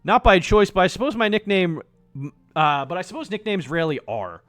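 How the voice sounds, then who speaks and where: A man's voice: high voice, very animated, brisk, a bit bright, no echo, clean studio sound, soft background music. A man voicing a prim, condescending female cat doctor from a video game, raising his voice slightly.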